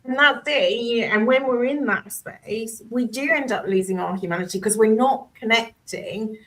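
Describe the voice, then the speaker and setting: A woman's voice: fairly high pitch, normal speed, rough recording. A woman hosting a conversation, speaking thoughtfully and searching for her words. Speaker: host. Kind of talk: reflective conversation.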